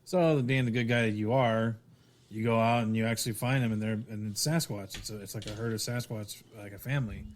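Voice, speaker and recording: Halting man telling a story. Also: lowish voice, fairly even intonation, slight background noise. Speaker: podcast co-host. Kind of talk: casual podcast chat.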